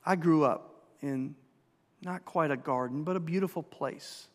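A man's voice: fairly high pitch, measured pace. A man with a Minnesotan accent preaching a sermon, asking the congregation questions with emphasis. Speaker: pastor. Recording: long hall reverb.

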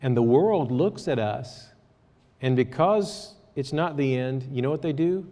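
A man preaching a sermon to his church, talking to the congregation in a conversational way that moves between quiet asides and raised exhortation. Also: mid-range voice, animated, measured pace, big-room sound. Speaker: pastor.

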